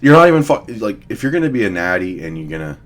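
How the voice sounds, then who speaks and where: A man's voice: lowish voice, big pitch swings, fast, a bit bright. A young man giving blunt, profane, rambling casual commentary as he ranks fitness figures. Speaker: fitness vlogger. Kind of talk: casual commentary ranking influencers.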